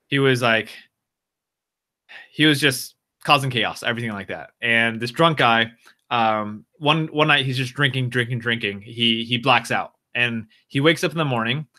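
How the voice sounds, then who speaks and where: A man casually improvising a story on a live stream, halting and repeating words with frequent fillers. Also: medium pitch, pushed and bright.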